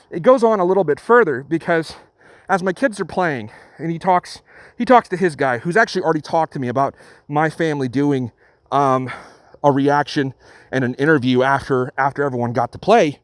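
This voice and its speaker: A middle-aged man hosting his own channel, earnestly retelling an encounter with many halting restarts. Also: a little high, no room sound. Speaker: channel host. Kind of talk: storytelling vlog.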